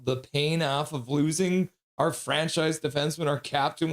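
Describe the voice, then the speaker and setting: A man, co-hosting a casual hockey chat and posing long questions. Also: on the high side. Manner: engaged, asks long questions. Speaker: hockey show co-host.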